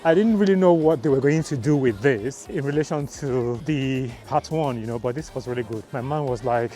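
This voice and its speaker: A man from Nigeria vlogs outdoors on a city street, speaking to a handheld phone in a chatty, emphatic way. His voice sits at an ordinary middle pitch, and he stretches his points by repeating words. Faint music plays softly behind him. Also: normal speed. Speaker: vlogger. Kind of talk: casual travel vlog talk.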